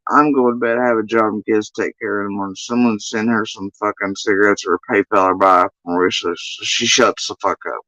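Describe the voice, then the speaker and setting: A man's voice: mid-range voice, a bit bright, dry recording, rough recording. A man ranting on a livestream in an exasperated, profane, rambling way. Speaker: livestream commentator.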